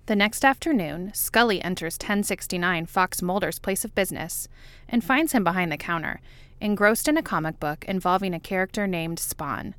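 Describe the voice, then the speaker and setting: A woman narrating a fan fiction audiobook in a quiet, even, wry voice. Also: fairly low pitch, moderate pace, clear, resonant tone, no room sound.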